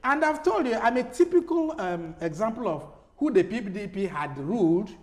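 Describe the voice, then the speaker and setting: A man's voice: high-pitched, sing-song, moderate pace. A man from Nigeria with a Nigerian accent, a guest on a TV panel, speaking emphatically, repeating words as he searches for them and checking in with "Okay?". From Enugu, Nigeria. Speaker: studio guest. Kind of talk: TV panel discussion.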